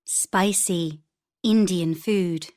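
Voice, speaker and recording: A woman reading vocabulary words and example sentences for a textbook in a clear, deliberate manner. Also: on the low side, a little mellow, dry recording, studio quality. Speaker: textbook audio reader.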